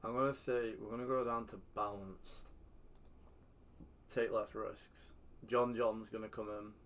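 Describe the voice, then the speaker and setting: A man in casual gaming commentary, cursing freely as he talks through his football management game. His voice jumps into loud outbursts at the match events. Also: lowish voice, measured pace, a little hiss or hum. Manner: sweary, excitable, shouts at the game.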